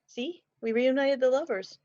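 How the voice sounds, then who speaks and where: A woman's voice: high-pitched, moderate pace, darkish tone. A woman playing in a tabletop game, patiently explaining things to another player. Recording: dull lo-fi mic.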